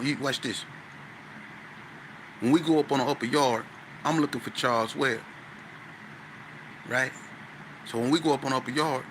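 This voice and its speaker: A man, a guest on an interview show, telling a story in an animated, slang-heavy way with stuttering restarts. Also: medium pitch, background noise.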